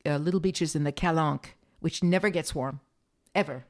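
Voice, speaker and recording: A fairly low-voiced woman chatting as a podcast guest. She talks casually, hesitates a lot with fillers and laughs often. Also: moderate pace. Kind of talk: casual conversation.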